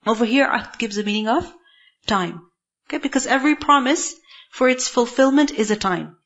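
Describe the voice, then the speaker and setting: A woman's voice: a little high, lively intonation, moderate pace, fairly bright tone, highs cut off. A woman teaching a Quran commentary lecture, reciting Arabic verses and explaining them with rhetorical questions. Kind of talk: tafseer lecture.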